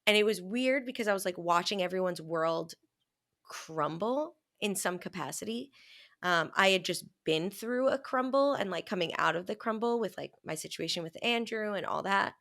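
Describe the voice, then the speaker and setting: A woman's voice: on the low side, normal speed, fairly bright tone. A woman co-hosting a podcast, chatting casually and telling stories with lots of energy, acting out her own quotes and swearing freely. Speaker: podcast co-host. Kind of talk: casual chat.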